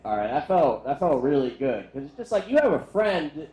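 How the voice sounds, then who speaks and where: At a comedy venue with a crowd, a man with a fairly high voice and big pitch swings performs a crude, rambling roast set at a moderate pace, poking fun at himself along the way. The room is echoey, and there's background noise.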